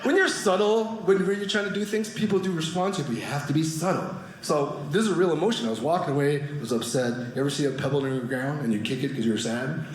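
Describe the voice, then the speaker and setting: High-voiced man doing stand-up comedy. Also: fast, hardly any pauses. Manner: animated storytelling, acting out voices of others. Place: comedy stage before a live audience. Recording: echoey room with audience noise.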